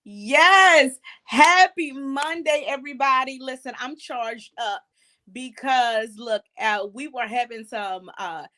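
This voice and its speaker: A middle-aged woman hosting an online talk show, energetic and preacherly, with many fillers. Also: high voice, slow pace. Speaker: host.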